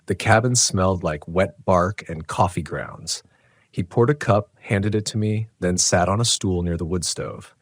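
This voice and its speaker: A man narrating a scripted horror story in a measured, tense way. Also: deep voice, dry recording.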